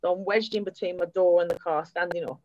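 A woman whose voice is on the low side speaks fast as she gives personal testimony at a public event, candidly and steadily describing what she lived through, fillers included. The recording has no echo and the highs are cut off.

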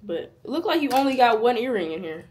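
This twenty-year-old woman's casual vlog talk to camera is slangy, chatty, and relaxed, captured up close on a phone or small camera. She talks fast in a sing-song, husky voice that's on the high side yet darkish in tone.

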